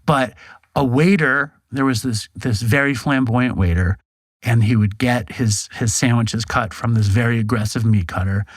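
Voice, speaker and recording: Middle-aged New York man, blunt and self-mocking guest storyteller, medium pitch, dry recording. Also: normal speed, no room sound. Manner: frank, profane, self-deprecating storytelling. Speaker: podcast guest. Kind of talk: candid storytelling interview.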